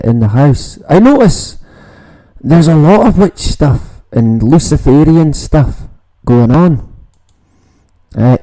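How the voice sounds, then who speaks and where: Male streamer, unhurried and mellow-toned, rambling casual chat with swearing. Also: medium pitch, low-quality recording. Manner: rambling, swearing, reads out viewer comments. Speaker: livestream host. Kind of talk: casual late-night livestream chat.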